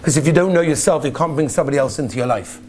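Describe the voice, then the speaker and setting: Earnest rabbi telling a story, higher voice. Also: male voice, very fast, a little mellow, slight background noise. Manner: earnest, emphatic, repeats key phrases. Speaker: rabbi giving a talk. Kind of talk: sermon with storytelling.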